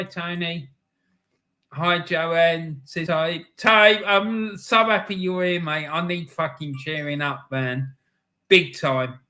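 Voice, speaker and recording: A middle-aged man, hosting a live stream and reading out chat messages in an angry, swearing rant. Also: fairly high pitch. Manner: angry ranting with heavy swearing; shouting.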